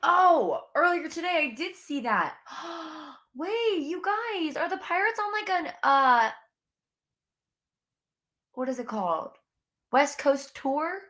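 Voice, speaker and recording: A woman's voice: high voice, lively intonation, takes it slowly, long pauses, sharp tone. A young woman hosting a casual sports live stream from home, bubbly and chatty, talking straight to her viewers. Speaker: sports podcast host. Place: home room near window.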